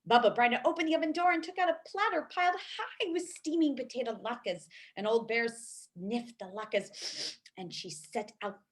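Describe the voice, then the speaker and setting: A woman cantor reading a bedtime story aloud for young children in a lively, expressive way. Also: a little high, moderate pace.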